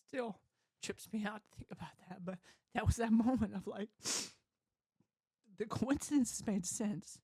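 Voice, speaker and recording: A young adult man speaking as an interview guest, animated and quick to laugh. He acts out what others said to him as he goes. The sound is dry and close. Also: high voice, husky, no echo. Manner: animated, laughs often, quotes others in voices. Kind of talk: casual storytelling.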